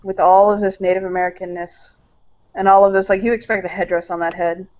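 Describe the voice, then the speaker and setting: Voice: medium pitch, level tone, brisk. A player narrates their character in a tabletop game, casual and wry. The voice sits mid-range and the recording sounds dull and lo-fi. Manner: casual and wry, with a loose, conversational delivery.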